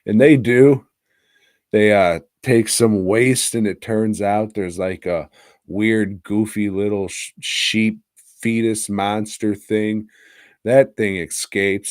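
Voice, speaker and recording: A man's voice: lowish voice, takes it slowly, a little mellow, dry recording, studio quality. A man co-hosting a movie podcast, recapping a film in crude, jokey casual chat and breaking into silly voices. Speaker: podcast co-host.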